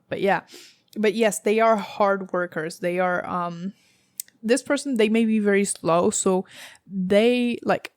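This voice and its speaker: A young American woman with a slight Southern accent gives a casual tarot reading, rambling and chatty with many fillers and frequent little laughs. Her mid-range voice is a little mellow, recorded in studio quality with no room sound.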